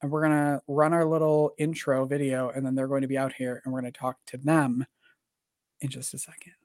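Speaking at a fairly quick clip, this male podcast host keeps a level tone in a mid-range, darkish voice. The sound is clean studio audio without echo. He rambles through a casual live chat, full of fillers and self-mocking jokes.

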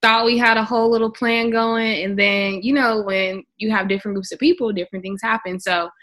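A woman's voice: medium pitch, fairly even intonation, brisk, a bit bright. Upbeat woman co-hosting a podcast. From Inglewood, California. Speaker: podcast co-host. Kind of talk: casual podcast chat and guest introduction.

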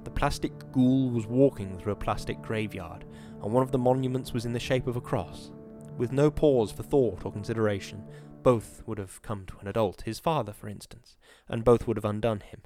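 A man hosting a podcast, giving a measured, dramatic reading of a horror novel and then chatting about it. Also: mid-range voice, warm tone, faint music behind. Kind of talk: dramatic reading and casual commentary.

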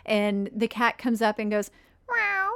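A woman co-hosting a podcast, chatting casually and telling lively stories, sometimes mimicking animals. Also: normal speed. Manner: animated storyteller, mimics animals in high squeaky voices. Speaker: podcast co-host. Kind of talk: casual chat.

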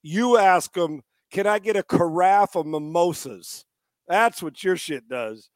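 High-voiced man joking loudly on a podcast. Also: a little slow, dry recording, studio quality. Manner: loud, joking, tells stories with put-on quotes. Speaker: sports talk host. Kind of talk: casual podcast banter.

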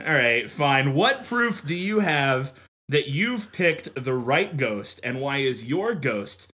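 Bright-voiced exasperated male podcast host. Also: medium pitch, sing-song. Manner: exasperated, incredulous, quick to laugh. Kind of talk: comedy podcast chat.

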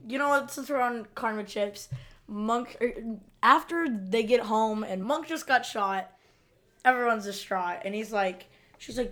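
A woman co-host in a relaxed podcast talk, with a fairly high voice. She chimes in and laughs often, sitting a little back from the mic. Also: a little slow. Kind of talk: casual chat recapping a TV episode.

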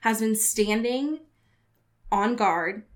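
A woman's voice: a little high, extremely slow. A woman co-hosting a casual book podcast, chatty and full of fillers, often breaking into laughter. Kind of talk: casual chat recapping a book.

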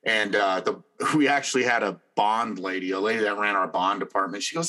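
Forceful bright-voiced middle-aged man. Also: on the low side, brisk, hardly any pauses. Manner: animated, emphatic storyteller. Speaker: insurance agent. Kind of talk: casual storytelling chat.

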